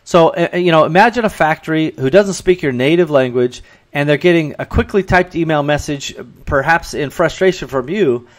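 A man's voice: fairly high pitch, moderate pace. Earnest man giving business advice. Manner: earnest and advising, acts out dialogue in quotes. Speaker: podcast host. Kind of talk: solo business advice talk.

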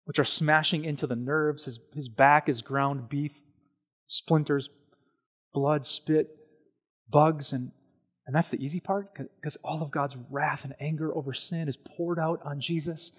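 A man preaching a sermon as pastor, animated and conversational, with slow, hushed stretches on solemn points. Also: fairly high pitch, husky. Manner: animated and conversational, with everyday examples and quick asides.

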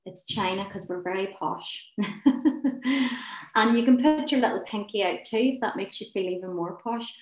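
A woman leading a guided laughter and relaxation session. She gives gentle, encouraging, soothing instructions. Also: medium pitch, normal speed, roomy sound, poor audio. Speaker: wellness session leader.

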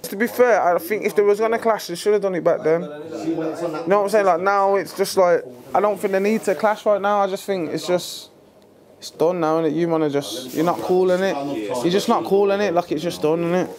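A young man, a rapper chatting casually backstage before a show, animated and swearing freely. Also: high-pitched, a little fast, a crowd in the background. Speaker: rapper on tour.

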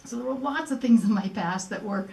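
The older woman's voice is fairly high, brisk, creaky and darkish in tone, with a little hiss or hum in the audio. She gives an earnest personal speech at a museum memorial event, acting out remembered conversations. It is recorded in an echoey presentation room with the mic at a distance.

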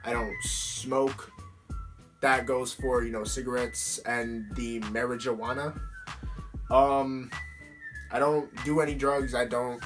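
Teenage boy, casual Q&A vlog, blunt, swears a lot, fillers, mid-pitched voice, faint music behind. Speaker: YouTuber answering fan questions.

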